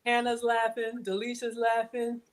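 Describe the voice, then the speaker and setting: A woman's voice: a little high, monotone, moderate pace, poor audio. A middle-aged woman, hosting a live cooking stream and chatting casually as she reads out viewer comments.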